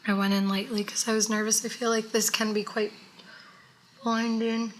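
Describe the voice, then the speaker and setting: A woman co-hosting a casual makeup chat, a little hoarse from losing her voice, chatty and playfully sarcastic. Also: a little high, little pitch movement, moderate pace, a little hiss or hum. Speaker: co-host.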